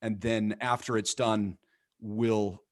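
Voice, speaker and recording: A man's voice: on the low side, little pitch movement, takes it slowly, no room sound, studio quality. A man speaking on an education panel, reflective and a bit hesitant. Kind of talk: panel discussion.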